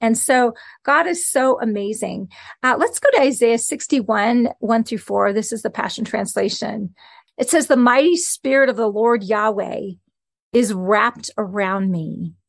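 A woman's voice: fairly high pitch, normal speed, creaky, no room sound. A woman preaching an earnest, conversational sermon and reading scripture aloud as host of her podcast.

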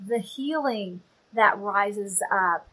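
A woman giving a casual, chatty Bible teaching, animated and playful with asides. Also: medium pitch, drawn-out words, poor audio.

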